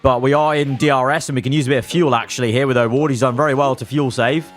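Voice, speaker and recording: A man commentating his own racing management game, cheering on his drivers and swinging between calm analysis and elated outbursts. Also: mid-range voice, quick pace, a little hiss or hum. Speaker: gaming YouTuber.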